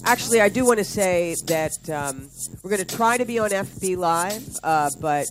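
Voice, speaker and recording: A woman's voice: on the low side, lively intonation, moderate pace, faint music behind. Woman, radio host, sex therapist, bubbly, teasing, casual chat.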